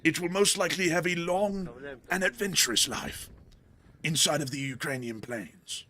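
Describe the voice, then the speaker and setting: A man putting on the voice of a hushed older wildlife documentary narrator, slow and reverent. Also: a little high.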